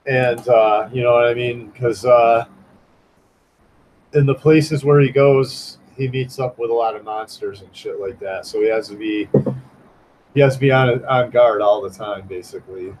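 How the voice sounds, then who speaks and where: A man's voice: medium pitch, a little slow, a little mellow, slight background noise, poor audio. A man chatting casually on a livestream as a comic artist, rambling and swearing, with many restarts and fillers.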